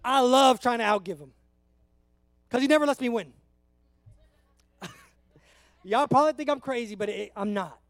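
A man's voice: very high-pitched, normal speed, pauses often, no echo. A man in his thirties from California, preaching a conversational sermon to his congregation in an earnest way. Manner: earnest, conversational, emotional at times. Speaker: pastor.

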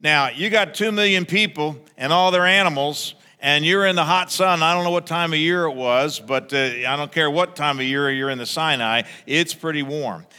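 A man preaching a sermon as pastor, animated, acting out a grumbling crowd in raised voices. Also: fairly high pitch, moderate pace, few pauses, smooth, long reverb tail.

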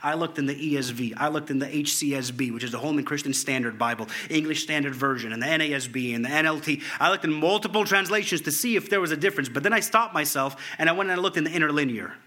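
Man, preacher, sermon, bright tone, lively delivery. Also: fairly high pitch, quick pace, few pauses. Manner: animated preaching, reading scripture aloud with sudden drops to a hushed tone. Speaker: pastor.

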